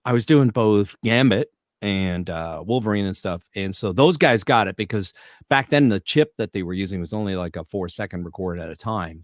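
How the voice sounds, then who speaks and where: A man's voice: deep voice, no echo, clean studio sound. A man, a voice actor and guest, telling anecdotes in casual conversation and jumping into character voices as he goes. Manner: animated storyteller who slips into character voices.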